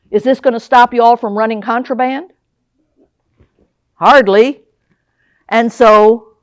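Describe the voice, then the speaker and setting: An older woman delivers a public history lecture. She talks in a lively way and keeps asking her listeners questions. Her voice sits fairly high, and the sound is dry and close. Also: no echo. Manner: lively, asks the audience questions. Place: lecture hall.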